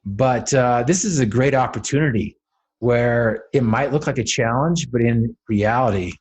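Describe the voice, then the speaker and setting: A man's voice: medium pitch, normal speed, a little mellow, slight background noise. A man speaking as a podcast guest, telling a personal story with dramatic, building emphasis.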